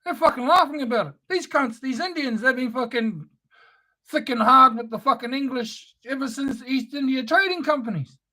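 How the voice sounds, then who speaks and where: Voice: sits high, moderate pace, sharp tone. A speaker delivering an angry, profane, sneering spoken-word rant.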